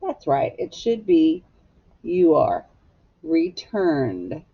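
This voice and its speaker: Lady teacher doing a slow phonics lesson for kids, kinda low voice, muffled lo-fi sound. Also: animated. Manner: slow, patient, drawn-out sounding of syllables.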